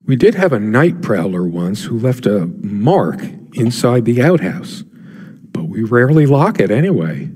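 An actor playing a brooding middle-aged husband, speaking a quiet, reflective inner monologue in a video game. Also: male voice, mid-range voice, sing-song, a little slow, husky, big-room sound.

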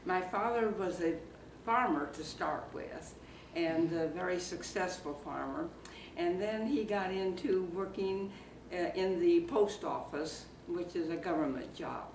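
A woman in her eighties from Iowa, reminiscing slowly and haltingly in an oral history interview held in a library community room. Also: fairly low pitch, vocal fry. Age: 80s. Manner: slow, halting reminiscing with fillers. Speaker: interviewee, former circus performer. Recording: roomy, distant mic, faint background noise.

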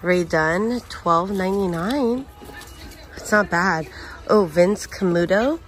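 A woman's voice: lowish voice, slow pace, slight background noise. A woman narrating a casual shopping walkthrough, chatting as she reads out prices and product labels. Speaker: shopping vlogger. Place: inside a large retail store.

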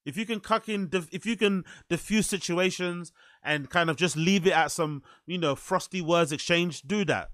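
Guy ranting in a reaction video, kinda high voice, dry sound, blunt and swearing. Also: fairly bright tone, no echo. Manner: blunt, incredulous, heavy swearing. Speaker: reaction commentator. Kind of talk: casual reaction commentary.

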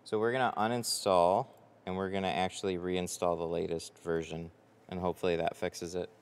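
This window tint installer talks fairly quickly to viewers on his livestream, smooth and with little pitch movement in his fairly low voice. He rambles chattily with lots of fillers into a headset, and long reverb trails his words as in a tint workshop.

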